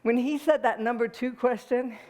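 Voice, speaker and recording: An American woman giving a personal testimony to an audience, animated and emotional, laughing often and restarting her sentences. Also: a little high, normal speed. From United States. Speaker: guest speaker.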